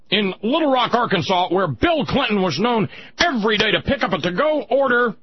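A man mimicking a blustering male right-wing radio talker in a high, shouting, overheated rant. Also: husky, heavily acted. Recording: dull lo-fi broadcast sound.

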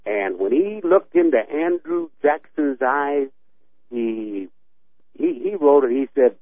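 A man's voice: mid-range voice, animated, slow, dry recording. A man calling in to a talk radio show, ranting in a folksy, fired-up way and telling homespun stories. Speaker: radio caller. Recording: tinny phone line.

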